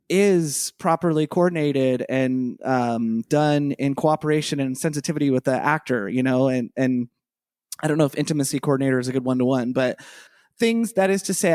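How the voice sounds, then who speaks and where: A man's voice: medium pitch, darkish tone, no room sound, clean studio sound. A man co-hosting a casual podcast, rambling enthusiastically with lots of fillers. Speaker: podcast co-host.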